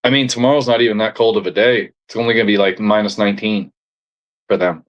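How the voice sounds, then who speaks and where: A man's voice: on the low side, fairly even intonation, quick pace, lo-fi sound. A man from Canada hosting a casual chat, laid-back and swearing freely.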